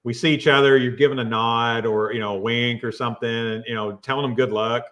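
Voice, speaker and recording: A man's voice: mid-range voice, fairly even intonation, brisk, a bit bright. A man from North Arkansas, a guest on a fishing podcast, talking in a laid-back, rambling way full of fillers. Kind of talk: casual chat.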